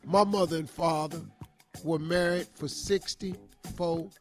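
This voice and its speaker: A man co-hosting a radio advice segment, joking loudly in casual talk and tired after a sleepless night. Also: a little high, steady tone, a little slow, soft background music. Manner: loud, joking, informal Southern Black English phrasing. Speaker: radio co-host giving advice.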